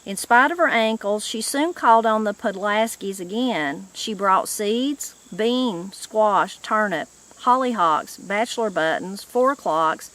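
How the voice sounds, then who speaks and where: A woman reading a novel aloud to her viewers, unhurried and measured. Her voice sits at a middling pitch and takes its time over each line. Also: fairly bright tone. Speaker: reader, channel host.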